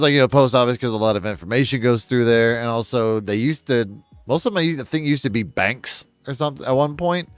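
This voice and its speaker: A man's voice: mid-range voice, smooth, dry recording. A man giving a casual book synopsis on his channel, rambling with chuckles and self-deprecating asides. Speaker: book reviewer.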